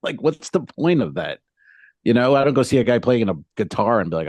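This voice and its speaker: A man's voice: medium pitch, brisk, no echo. A man who is a stand-up comedian, chatting casually on a podcast and animatedly retelling stories about hecklers. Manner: animated storytelling, acts out hecklers and himself on stage. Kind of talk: casual chat.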